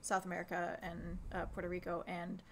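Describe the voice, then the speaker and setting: A woman's voice: lowish voice, completely flat delivery, a little fast, a little hiss or hum. Chatty woman telling a story while gaming. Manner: chatty storyteller, laughs often, trails off with ums. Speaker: co-host playing a video game. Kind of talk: casual gameplay chat. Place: home.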